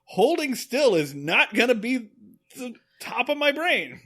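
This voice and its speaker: A man co-hosting a podcast, recapping an old episode in animated, joking storytelling. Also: very high-pitched, a little slow. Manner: animated storytelling with acted quotes and laughs. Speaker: podcast co-host. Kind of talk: casual chat recapping an episode.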